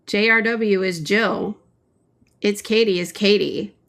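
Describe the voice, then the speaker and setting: A woman chatting casually with her viewers on a painting livestream. She talks slowly and leaves room between her words. Her manner is playful and chatty, and she often giggles. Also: medium pitch, fairly even intonation, creaky, a bit bright.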